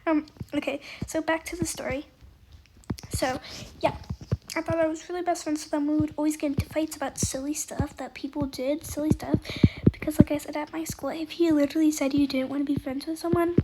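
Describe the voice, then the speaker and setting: High-voiced rambling storyteller over heavy noise. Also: female voice, little pitch movement, a little fast. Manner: rambling with many fillers and soft half-whispered asides. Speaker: storytime gamer. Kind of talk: casual storytime while gaming. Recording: loud background noise.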